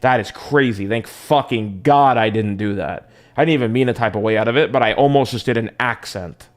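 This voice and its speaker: A man's voice: fairly low pitch, a little fast. A young man livestreaming, telling a rambling, profane story to his chat in a casual, slangy way with lots of restarts.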